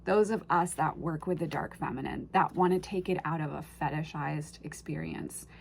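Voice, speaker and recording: A woman's voice: low voice, normal speed, vocal fry, slightly rough. A woman casually unboxing and reviewing an oracle deck, gushing and emotional, often trailing off and restarting her sentences.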